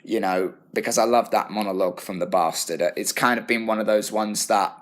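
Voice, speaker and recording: A young British man, a drama student, talking through his own feedback in a thoughtful, halting way. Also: lowish voice. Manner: thoughtful, self-correcting, halting. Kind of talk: reflective self-assessment talk.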